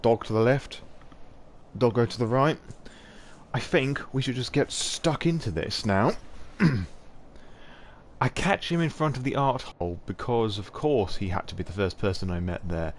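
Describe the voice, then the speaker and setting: A man's voice: medium pitch, animated, normal speed, a little hiss or hum. A man hosting a live stream, chatting casually, swearing freely and laughing often.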